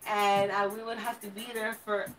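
A woman's voice: mid-range voice, flat delivery, brisk, far from the mic, music in the background, rough recording. A woman in her thirties from California, Spanish her first language, chatting casually on a live stream, rambling and giggling at herself. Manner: rambling, giggly, self-teasing. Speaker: host.

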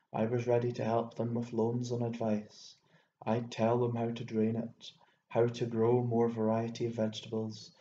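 A man's voice: fairly low pitch, close to an everyday voice. A man doing a wheezing, scornful old Irish landowner. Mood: rueful. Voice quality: wheezing, scornful, bursts into shouting. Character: hot-tempered bitter old male landowner, drinking. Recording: dull lo-fi with faint hiss.

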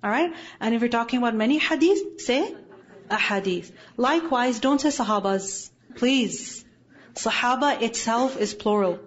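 In a classroom, a woman teaches Islamic studies through a lecture punctuated with questions, speaking fairly high at a moderate pace. She is firm and corrective, frequently making sure students are following, and the sound is lo-fi.

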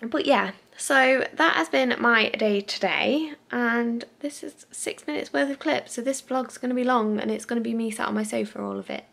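A woman's voice: a little high, normal speed, creaky, few pauses, fairly bright tone. A British woman vlogging at home on her sofa, chatty and rambling, laughing at herself as she goes.

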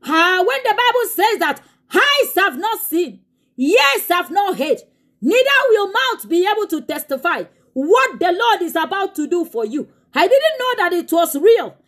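Woman preacher, very high pitched voice, impassioned, tearful shouting. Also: sing-song, unhurried. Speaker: pastor. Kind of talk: sermon.

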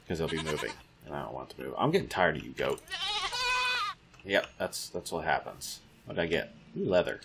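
A man's voice: rumbling low, big pitch swings, fairly quick, creaky, very noisy. A man giving casual let's-play commentary, muttering to himself and taunting the creatures in the game. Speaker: gamer.

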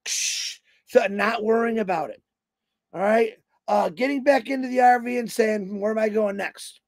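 Man in his fifties, very high pitch with a gravelly edge; folksy, rambling motivational speaker. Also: a little slow, no echo. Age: 50s. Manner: folksy, storytelling, acts out quoted voices. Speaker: motivational speaker on a company livestream.

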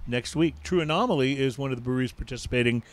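A man's voice: mid-range voice, very fast. A man co-hosting a casual show, easygoing, thanking people and plugging upcoming episodes. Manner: easygoing, wraps up with thanks and plans. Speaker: podcast co-host. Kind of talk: casual chat. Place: bar or taproom.

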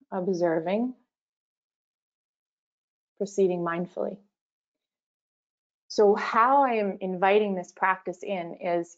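A woman leading an online workshop, speaking gently and encouragingly as she guides a mindfulness practice. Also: medium pitch, lo-fi sound. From Canada. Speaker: workshop facilitator.

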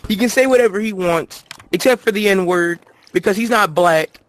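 A man's voice: sits high, normal speed, fairly bright tone, no echo. A man hosting a joking mock interview with players in a game, crude and hammy, stumbling over his words, recorded on a headset mic.

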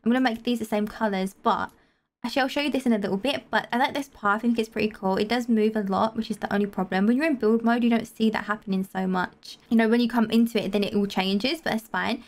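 A woman hosting a casual gameplay video, chatting and touring a build with excitable gasps and laughs. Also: on the high side, quick pace. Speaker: gaming video host. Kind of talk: casual gameplay tour chat.

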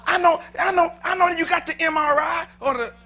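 A male pastor preaching a sermon to his church, moving from quiet scripture reading to fervent shouted declarations, with chatty asides to the congregation. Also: extremely high pitch, brisk. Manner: animated, conversational, with asides to the congregation. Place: church sanctuary.

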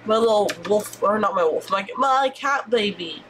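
A young adult woman streaming gameplay live, chatty and excitable, with frequent swearing and exclamations. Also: mid-range voice, normal speed, background noise.

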